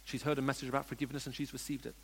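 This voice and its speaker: A man preaching a sermon, moving between hushed storytelling and emphatic questions to the congregation. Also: mid-range voice, little pitch movement, very fast, gravelly, slight background noise. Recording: long reverb of a large hall.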